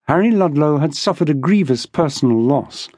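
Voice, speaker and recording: Measured male audiobook narrator, dry sound. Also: fairly high pitch, lively intonation, a little mellow, no echo.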